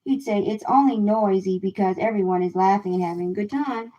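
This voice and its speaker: A woman reading a children's picture book aloud in a gentle, unhurried way on a livestream. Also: mid-range voice, muffled recording. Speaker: storybook reader. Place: home livestream.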